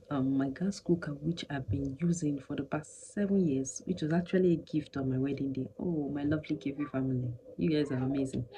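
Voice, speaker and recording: Brief: woman, 30s, vlogger, low mellow voice, lively storytelling with whispered asides. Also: a little hiss or hum, rough recording. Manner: animated, drops into whispers for emphasis. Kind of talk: personal storytelling.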